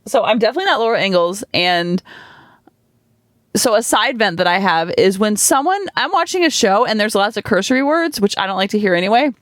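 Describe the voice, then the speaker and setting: A woman's voice: on the high side, expressive, a little fast, no echo, studio quality. A middle-aged woman hosting a podcast, chatting casually and animatedly, with lots of fillers. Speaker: podcast host and coach. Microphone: studio podcast microphone.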